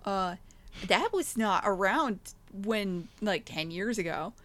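A woman's voice: medium pitch, animated, takes it slowly, a bit bright. A woman co-hosting a podcast in casual chat, rambling and joking with lots of fillers. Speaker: podcast co-host, game developer.

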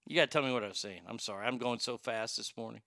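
Loud profane man with a bright voice. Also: medium pitch, fast, gravelly, no room sound, studio quality. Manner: loud, profane, excitable, laughs at own jokes. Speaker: show host. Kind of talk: crude comedic talk show rant.

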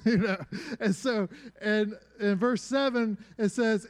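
A young man preaching a casual sermon, relaxed and conversational, with many filler words and joking asides. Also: high-pitched, slow pace, clean tone.

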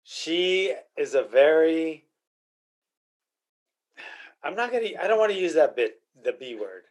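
A man's voice: fairly high pitch, expressive, measured pace. An older man hosting a casual podcast, talking in a blunt, rambling, repetitive way. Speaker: podcast host.

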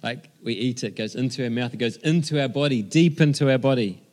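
A man's voice: medium pitch, quick pace, darkish tone. A man giving a sermon as pastor, conversational and enthusiastic, often restarting his phrases.

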